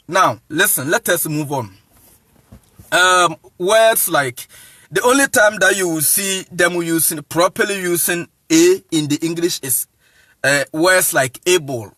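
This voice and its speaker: A man's voice: a little high, a little slow, bright, forceful tone, dry recording, studio quality. A man with a Ghanaian accent giving an informal lecture, insistent and repetitive, often checking that the listener follows and chuckling. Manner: insistent, repeats "you see what I'm saying", chuckles often. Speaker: evangelist teaching.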